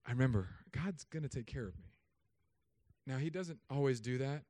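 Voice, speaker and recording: A man in his thirties, a pastor, preaching a sermon with humor and animated storytelling asides. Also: mid-range voice, moderate pace, no room sound.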